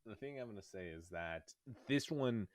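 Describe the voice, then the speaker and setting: A man with a very low voice co-hosts a podcast, blunt and emphatic, swearing casually. His voice is recorded dry and close. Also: lively intonation, normal speed, no echo. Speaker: podcast co-host. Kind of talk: casual chat.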